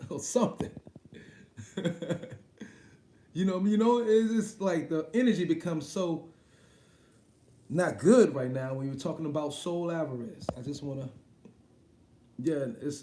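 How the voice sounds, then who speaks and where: A man's voice: on the high side, moderate pace, pauses often, warm tone, slight background noise. A man hosting a casual boxing live stream, talking loosely, swearing and laughing often. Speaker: boxing livestream host. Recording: echoey room.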